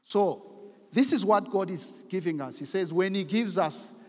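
A man preaches a sermon, pushing scripture readings with mounting emphasis. His voice sits high for a man. The sound rings with a long hall reverb. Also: measured pace. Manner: emphatic, reads scripture aloud with rising force.

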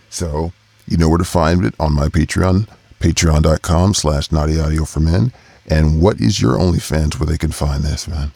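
Low gravelly guy hosting a podcast, husky and dry, super casual. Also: darkish tone, no room sound. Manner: casual, calls everyone man. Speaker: podcast host. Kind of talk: podcast outro and plugs.

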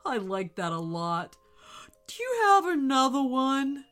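A greedy storybook dragon with a loud, booming, unhurried voice, as a woman puts him on. The pitch swoops widely while the delivery stays slow. Soft music plays behind. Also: sing-song, exaggerated voice. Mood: pleased. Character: greedy male dragon, booming and easily tempted. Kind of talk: storybook reading.

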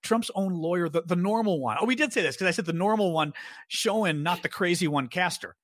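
Heated, husky-voiced male political podcaster. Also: high-pitched, expressive, a little fast, a bit bright, no echo. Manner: heated, emphatic, swears for stress. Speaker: podcast co-host. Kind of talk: political commentary chat.

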